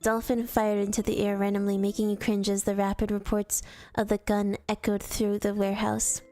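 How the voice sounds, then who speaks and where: A woman's voice: medium pitch, monotone, normal speed, dark tone, soft background music. A woman streamer reading a fan story aloud in a storytelling voice, sometimes stumbling and restarting words. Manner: storytelling read-aloud with casual slips and restarts.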